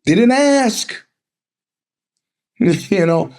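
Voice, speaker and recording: A man's voice: sits high, lively intonation, very slow, darkish tone. A man hosting a live podcast, delivering a profane, combative rant with frequent laughs and stammered restarts. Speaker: podcast host. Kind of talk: live-streamed casual monologue.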